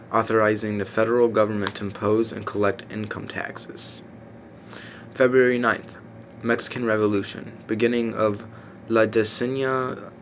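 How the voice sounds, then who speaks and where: A man reading a list aloud in a casual, halting way, stumbling over names with fillers and self-corrections. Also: lowish voice. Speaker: reader. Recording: faint background noise.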